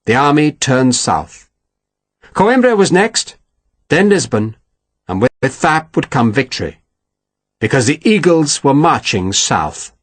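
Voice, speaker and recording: Husky man narrating an audiobook. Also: mid-range voice, slow, long pauses, no echo. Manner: steady, expressive storytelling. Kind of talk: scripted narration.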